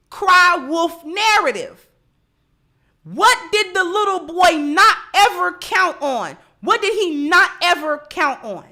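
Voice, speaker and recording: A woman's voice: very high-pitched, sharp tone. A woman giving livestream commentary, lecturing through repeated rhetorical questions. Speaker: online commentator.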